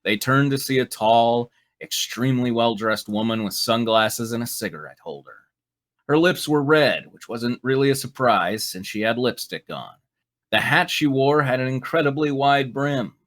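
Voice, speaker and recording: A man's voice: mid-range voice, animated, moderate pace, fairly bright tone. A man hosting and narrating a live fan fiction read-through in a playful, joking manner. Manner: playful, breaks to laugh and comment. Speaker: narrator and show host.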